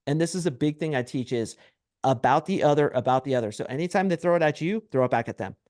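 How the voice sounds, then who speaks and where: A man, a dating coach, talking as a podcast guest in a brash, animated way, acting out little scenes as he explains. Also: a little high, fast talker, no room sound, studio quality. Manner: brash, animated storytelling with acted quotes. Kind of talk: podcast interview.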